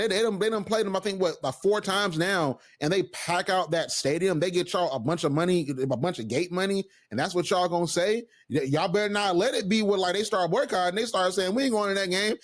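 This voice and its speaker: A man co-hosting a sports podcast, talking casually and emphatically with frequent restarts and asides. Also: sits high. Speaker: podcast co-host.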